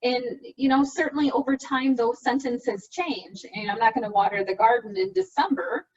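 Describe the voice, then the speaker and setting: A woman's voice: sits high, lively intonation, moderate pace, darkish tone, slight background noise. A woman speech therapist presenting to an online support group, explaining exercises patiently, step by step, over a video call. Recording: dull lo-fi call audio, from a distance.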